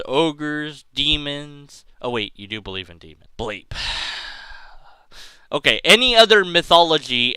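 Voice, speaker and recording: Man, sarcastic commentary, exasperated, slow deliberate pace, crisp clear voice. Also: medium pitch, bright, forceful tone, no room sound, low-quality recording. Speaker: video commentator. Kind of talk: sarcastic commentary reading and rebutting quotes.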